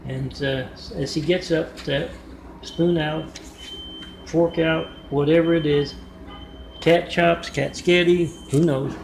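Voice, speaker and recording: A man's voice: a little high, steady tone, slow pace, creaky. A man telling a meandering story to his phone camera in a casual vlog, with wry asides and lots of fillers. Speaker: vlogger. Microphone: phone front camera. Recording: echoey room with background noise.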